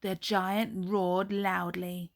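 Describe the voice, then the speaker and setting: A woman teacher, reading a storybook aloud for young children in a slow, expressive way with dramatic pauses. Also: lowish voice, vocal fry.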